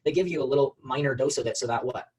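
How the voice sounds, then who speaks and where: Racing along in a husky, slightly mellow medium-pitched voice, this Phoenix-area man leads a live online marketing webinar on a rough recording. He addresses the chat energetically, calls out viewers by name, and keeps repeating and restarting what he says.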